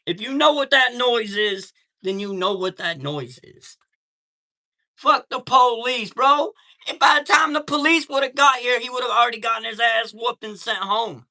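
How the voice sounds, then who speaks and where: A man's voice: very high voice, normal speed, pushed and bright. A man hosting a live stream, telling a heated story in a profane, streetwise way and greeting viewers from chat.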